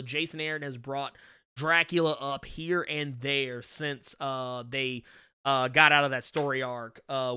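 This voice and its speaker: A man hosting a comics livestream, chatting casually through viewer questions, joking and bursting into loud laughter. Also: mid-range voice, clear, resonant tone, no echo, studio quality.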